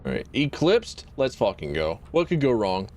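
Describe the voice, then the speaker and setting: A man's voice: mid-range voice, very animated, normal speed, darkish tone, slight background noise. A young man from the American South streaming a game, joking and swearing as he talks to himself and his chat. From Southern United States. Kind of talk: casual gaming stream commentary. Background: game music.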